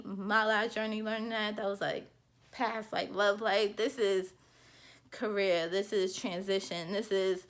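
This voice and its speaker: A young woman speaks straight to her camera in a candid personal vlog. Her voice sits at an ordinary middle pitch, and her talk is earnest and heartfelt. She rambles loosely, with many "like"s and "you know"s. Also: creaky. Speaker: vlogger.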